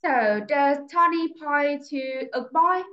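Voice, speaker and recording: Patient Vietnamese-accented woman teacher, slow. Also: high voice, pushed and bright. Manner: slow, patient questioning, repeating prompts. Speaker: English teacher. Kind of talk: online speaking test with a young pupil. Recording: echoey, dull lo-fi room sound.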